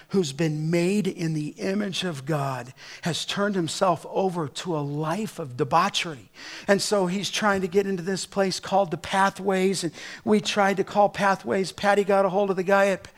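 A middle-aged man with a notably high voice delivers a sermon from the pulpit. He drives his points with emphatic, rising exhortations, then eases into storytelling about the people he meets. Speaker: pastor.

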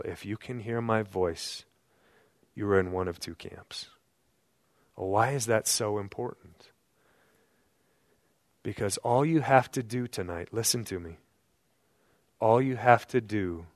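A man preaching a sermon at a night church service, asking the room rhetorical questions and swinging from loud emphasis down to hushed low tones. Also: no room sound, clean studio sound. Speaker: pastor.

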